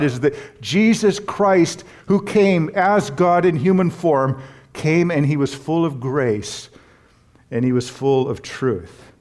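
A male pastor delivering a sermon in a slightly raised voice. He preaches earnestly and emphatically, drawing out key words slowly and then hurrying through asides. He often turns to the congregation with questions. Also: on the high side, a little mellow. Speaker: pastor and Bible teacher.

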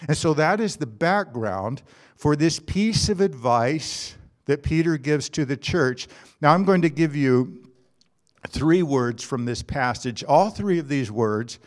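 A man preaching a sermon, earnest and emphatic, repeating key phrases. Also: medium pitch. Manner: earnest, emphatic repetition with restarts. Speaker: pastor.

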